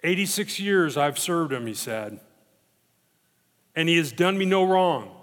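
A man preaching a sermon as pastor, emphatic and dramatic, slowing down to stress repeated phrases. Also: a little high, animated. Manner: emphatic, dramatic retelling with slow stressed repetitions. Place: church sanctuary. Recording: long reverb of a church hall.

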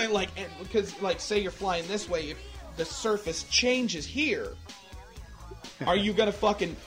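A man's voice: high-pitched, unhurried, music in the background. A married man co-hosting a podcast, chatting loosely and cursing freely between laughs. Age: adult, married. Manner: profane, laughing, loose banter. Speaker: podcast co-host. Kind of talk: casual podcast chat.

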